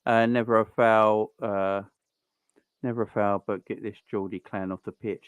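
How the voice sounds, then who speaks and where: A man's voice: lowish voice, level tone, normal speed, smooth, dry recording. Chatty man hosting a football watchalong. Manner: chatty and rambling, greets viewers and answers chat. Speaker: live-stream host. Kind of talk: casual football watchalong commentary.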